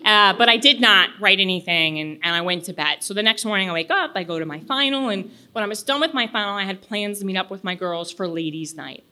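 A woman's voice: medium pitch, fast talker, hardly any pauses. A young woman telling a personal story in a chatty, frank way, cursing freely and acting out what people said. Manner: chatty, animated, frank and profane, acts out quotes.

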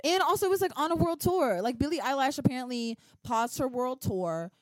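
A woman co-hosts a casual podcast chat, chiming in emphatically. Her voice sits fairly high and swings widely in pitch. The sound is close and dry. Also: animated, dry recording. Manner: emphatic, quick to agree and chime in.

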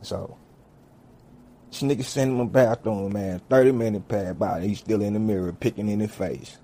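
A man whose voice is on the low side tells a funny, swear-filled story at a moderate pace. He's animated, voicing each character along the way.

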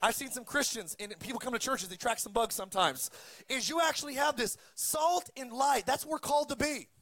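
A man preaching a sermon, calling for amens and punching his points with shouted peaks. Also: very high voice, a little fast. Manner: emphatic preaching with amen calls and shouted peaks. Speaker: pastor.

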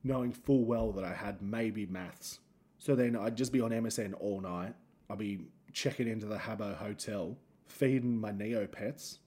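A man's voice: on the low side, normal speed, mellow. An Australian man hosting a solo podcast, rambling and self-mocking as he tells stories. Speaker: podcast host and comedian.

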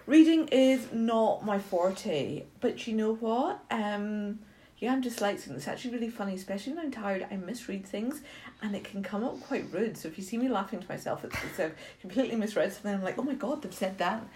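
A middle-aged woman from Britain, a mentor chatting casually and telling self-mocking stories in a lively way. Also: mid-range voice, a little fast, a little hiss or hum. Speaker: guest mentor. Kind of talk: casual chat.

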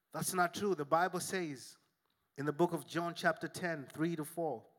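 This sermon comes from a male pastor whose bright, forceful voice sits slightly above typical male pitch and moves at a moderate pace with lively intonation. Speaking in church, he preaches emphatically, cracks jokes, and invites the congregation to answer back.

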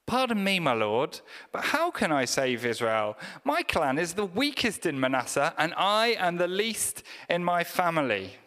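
A preacher putting on a timid, stammering posh Gideon. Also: male voice, on the high side, sing-song, measured pace, sharp tone, in a large hall, pitched above the performer's own voice, heavily acted. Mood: hesitant polite. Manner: hesitant, stammering politeness. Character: timid, overly polite biblical man, posh British.

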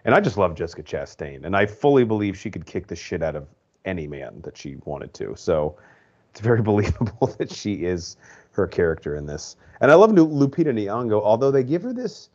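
A man's voice: on the low side, sing-song, a little fast, darkish tone. A man co-hosting a podcast, giving rambling, opinionated movie reviews in casual chat full of fillers. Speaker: podcast co-host. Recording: dull lo-fi podcast audio.

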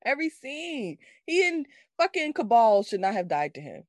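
A woman's voice: on the high side, very animated, normal speed, no room sound, studio quality. A woman co-hosting a casual movie review chat who laughs often and swears casually. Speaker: podcast co-host.

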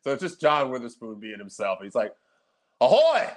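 A man's voice: mid-range voice, brisk, a bit bright. Laughing, rambling male podcast co-host. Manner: loose, rambling, laughs a lot, swears casually. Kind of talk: casual chat.

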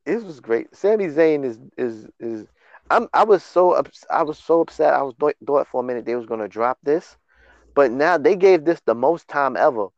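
A man hosting a casual wrestling recap podcast, excitable and full of restarts. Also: fairly high pitch, normal speed, no room sound, muffled recording. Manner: excitable, repetitive, stumbling restarts. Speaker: podcast host.

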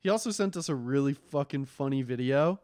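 A man's voice: mid-range voice, lively intonation, a little fast, darkish tone, no room sound, studio quality. A man co-hosting a podcast in casual chat, laid-back and chuckling between remarks. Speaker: podcast co-host.

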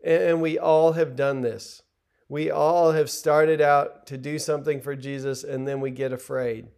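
A man's voice: a little high, little pitch movement, unhurried, creaky, darkish tone. A middle-aged man preaching a sermon in an earnest, conversational way, retelling the text and stumbling over restarts now and then.

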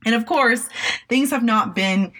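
A woman's voice: a little high, measured pace, fairly bright tone. A woman hosting a solo motivational podcast as a life coach, speaking in an earnest, encouraging and candid way as she tells personal stories.

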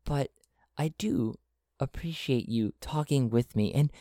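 A man voicing a friendly male local in a tabletop game who welcomes a newcomer warmly and drops in Spanish greetings. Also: medium pitch, sing-song, takes it slowly, no echo, clean studio sound. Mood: apologetic.

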